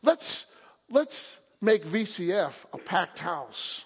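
A man with a very high, husky voice preaches with fervor, often calling out for an amen. His sermon rings with the long echo of a church hall. The audio sounds dull and lo-fi. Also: very animated, slow. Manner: fervent preaching, calls for amen. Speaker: pastor. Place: church sanctuary.

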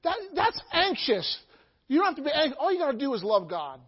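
A middle-aged man preaching a sermon in a call-and-response style, often asking the congregation "Amen?" and moving between quiet asides and loud exclamations. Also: very high voice, big pitch swings, fairly quick, dull audio. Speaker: pastor.

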